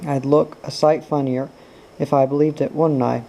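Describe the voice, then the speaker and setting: A man's voice: on the high side, level tone, normal speed, warm tone, close to an everyday voice, poor audio. A man reading the lines of a bitter, guarded young mother, with curt, cutting replies. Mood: scornful.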